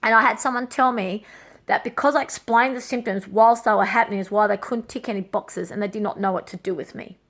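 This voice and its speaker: A woman's voice: mid-range voice, fairly even intonation, brisk, a bit bright. A middle-aged woman recounting a painful personal experience, agitated and raw, swearing often and repeating herself. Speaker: vlogger. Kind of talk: emotional personal story.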